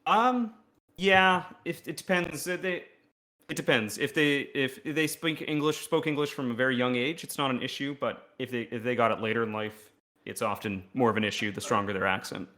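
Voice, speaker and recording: A man's voice: medium pitch, moderate pace, pushed and bright. A man, an indie game developer, explaining his work in a casual podcast interview, self-deprecating.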